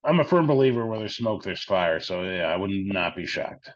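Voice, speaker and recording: Very deep-voiced laid-back male co-host. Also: expressive, moderate pace, muffled recording. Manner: laid-back, agreeable, brief replies. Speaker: podcast co-host. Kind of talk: casual wrestling podcast chat.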